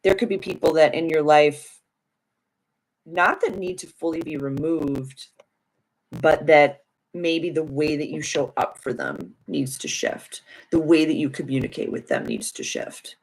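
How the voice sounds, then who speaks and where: Chill young woman reading tarot cards on a live stream, low voice, lots of "like", super affirming. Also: sing-song, a little slow, rough recording. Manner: warm, affirming, spiritual wording; chatty with many "like" fillers.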